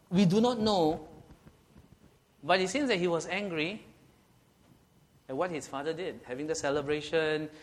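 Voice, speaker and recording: A man preaching a sermon, often asking rhetorical questions and checking in with "okay?". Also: a little high.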